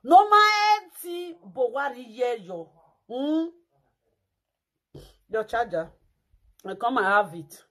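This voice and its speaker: A woman's voice: fairly high pitch, big pitch swings, slow, long pauses, fairly bright tone. A woman with a Nigerian Pidgin accent giving dramatic, mocking commentary, breaking into chants and mock cries.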